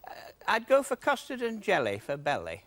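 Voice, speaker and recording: A man's voice: high voice, huge pitch swings, normal speed, a bit bright. A jovial man, chatting and laughing as a quiz contestant. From northern England. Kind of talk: game show contestant chat.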